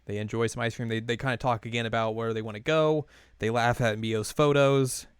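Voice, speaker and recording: Smooth-voiced man recapping an anime. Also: medium pitch, fairly even intonation, a little fast, no echo, studio quality. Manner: rambling, many fillers, laughs while retelling scenes. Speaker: podcast co-host recapping an anime episode. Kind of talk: casual recap chat.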